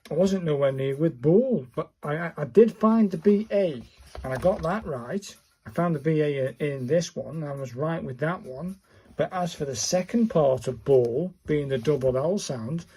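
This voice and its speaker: Man, middle-aged, casual vlog talk, mellow tone, slow pace. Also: a little high, breathy edge. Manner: chatty, exasperated, talks to viewers while searching cards. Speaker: vlogger learning calligraphy. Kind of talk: casual self-recorded tutorial.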